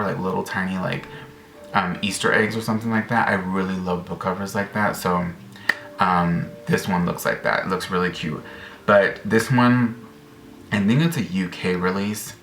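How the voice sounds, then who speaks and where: A man casually chatting to camera about upcoming books, rambling and excited, full of fillers and restarts. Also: deep voice, gravelly. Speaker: book vlogger. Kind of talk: casual book chat to camera. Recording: echoey room, faint background noise.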